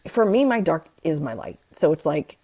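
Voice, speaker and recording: A woman's voice: low voice, sing-song, normal speed, mellow. A woman hosting a casual spiritual conversation, talking passionately and swearing freely as she acts out her own inner voices. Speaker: podcast host.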